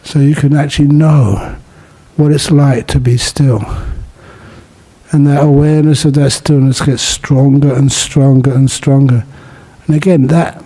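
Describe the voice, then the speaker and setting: Male Buddhist monk, dharma talk, mellow dark tone, humorous storyteller, unhurried teaching. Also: medium pitch, steady tone. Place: talk at a city meditation centre.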